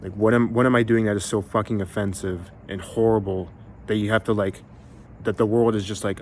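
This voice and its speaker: Exasperated rambling low-voiced man. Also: fairly even intonation, brisk, a little hiss or hum. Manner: rambling, exasperated, heavy swearing and fillers. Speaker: musician vlogger. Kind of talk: frustrated venting to camera.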